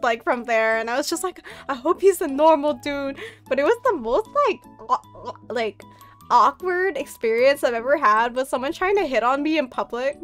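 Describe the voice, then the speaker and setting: A young woman streaming from home, telling a story in a casual chat, rambling with many fillers and laughing often. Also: high-pitched.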